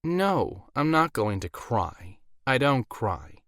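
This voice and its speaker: A man voicing a blunt, sarcastic young witch woman in a raised pitch. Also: very animated, slow pace, a bit bright, no echo, studio quality, exaggerated voice.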